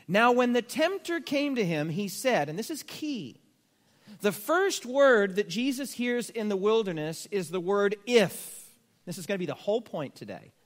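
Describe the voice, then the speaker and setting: A male pastor, delivering a sermon in a fairly high voice. He leans hard into key words and drops in wry, conversational jokes. The sound carries a long reverb from the church hall. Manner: emphatic, rising to stress key words; conversational asides with humor.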